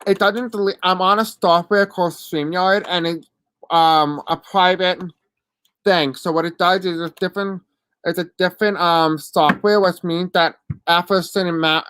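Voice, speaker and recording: Live-stream reader, deaf accent, halting and apologetic, smooth clear tone, dry close sound. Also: medium pitch, fairly bright tone, dry recording. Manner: halting and apologetic, many fillers. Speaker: host giving live spiritual readings. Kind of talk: live-stream reading, answering chat questions.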